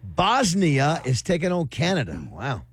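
A man's voice: fairly high pitch, huge pitch swings, measured pace, slightly rough, dry recording. A man hosting a morning radio show, running the segments in loose, chatty banter. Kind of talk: casual on-air banter.

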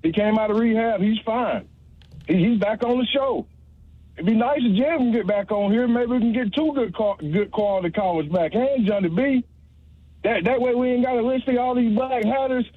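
A man's voice: extremely high pitch, moderate pace, dry recording. A man calling in to a talk show, teasing the host in a rambling way. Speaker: caller. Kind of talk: casual call-in banter. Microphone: phone line. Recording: dry muffled phone line.

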